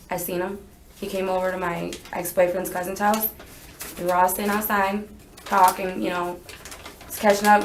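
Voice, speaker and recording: A young woman telling a police interviewer what happened, rambling and unsure, hedging her memory as she goes. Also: mid-range voice. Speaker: witness being interrogated. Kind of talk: recounting events in a police interview. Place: interrogation room. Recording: echoey interview room.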